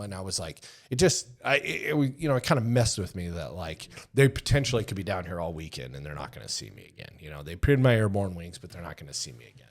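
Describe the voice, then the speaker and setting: A man in his fifties with a fairly low voice tells an old service story in a relaxed, unpolished way. He swears freely and drops into hushed asides when he replays what was said back then. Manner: loose and profane, acts out remembered exchanges in hushed asides. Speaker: interview guest, former Army Ranger. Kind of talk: casual storytelling.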